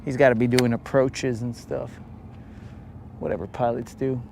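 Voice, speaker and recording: Chill guy streaming from his bass boat, teasing viewers, normal pitch, bit of outdoor noise. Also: little pitch movement, normal speed, vocal fry, darkish tone. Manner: joking, teasing chat, talking to himself. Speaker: fishing livestream host. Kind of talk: casual live-stream chat to viewers.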